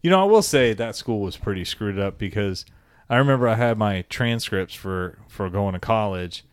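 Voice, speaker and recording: A man's voice: on the low side, animated, normal speed, no room sound, studio quality. A man in casual chat, chiming in with wry, teasing remarks.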